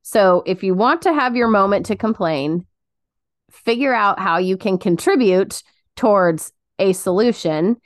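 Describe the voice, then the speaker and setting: A woman co-hosting a faith podcast, giving earnest advice in a casual, halting way. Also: medium pitch, animated, no echo. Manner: earnest, advising, halting restarts. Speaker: podcast co-host.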